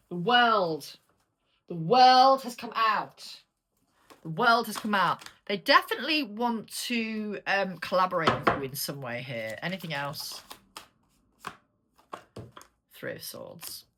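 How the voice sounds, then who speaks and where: A woman's voice: lowish voice, bright, forceful tone. A woman with a British accent giving a casual, chatty tarot reading, blunt and sweary as she turns the cards. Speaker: tarot reader.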